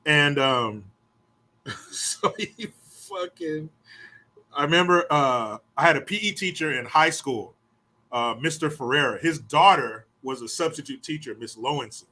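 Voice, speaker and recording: A middle-aged man casually telling profane, animated stories from his school days, acting out what others said. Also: on the high side, measured pace. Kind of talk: casual storytelling.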